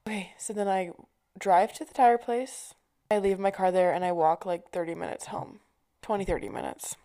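This young adult vlogger speaks at medium pitch and normal speed in a mellow voice, chatting her way through stories. She curses freely and leans heavily on fillers like "like."

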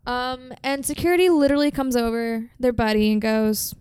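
Young woman podcast cohost, kinda high voice, super clear, rambly chatty storytelling. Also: moderate pace, hardly any pauses, darkish tone, dry recording. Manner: chatty storytelling, filler words. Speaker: podcast co-host. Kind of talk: casual chat.

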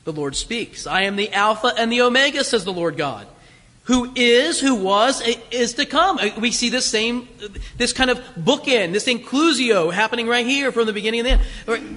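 Preaching a sermon, a man with a high, bright voice speaks emphatically, repeating phrases for stress and slowing when he reads scripture. A long hall reverb makes his voice ring out.

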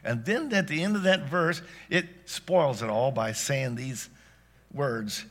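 A man preaching a sermon as pastor, dynamic, swinging from loud exclamations to hushed asides. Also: mid-range voice, takes it slowly.

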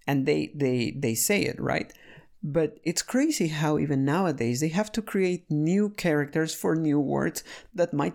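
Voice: mid-range voice, creaky, a little mellow. A speaker casually telling a story about learning a language, chatty and full of restarts and fillers.

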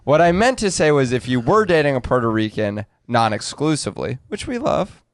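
A man co-hosting a comedy podcast, rambling and poking fun at his own slips. His pitch jumps about animatedly in a close, dry recording. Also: big pitch swings, brisk, dry recording. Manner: self-deprecating, rambling, laughing at himself. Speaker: podcast co-host. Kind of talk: joking banter.

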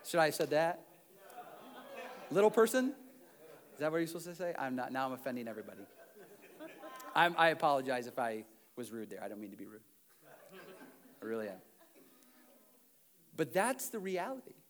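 A male pastor preaching an animated sermon, swinging between loud urging and hushed earnestness, with self-deprecating humor. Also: medium pitch, fairly quick, long pauses.

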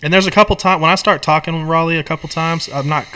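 A man eagerly explains and organizes things for his friends in a casual chat. His voice is bright and sits a bit high. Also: fairly even intonation, quick pace, clear, resonant tone.

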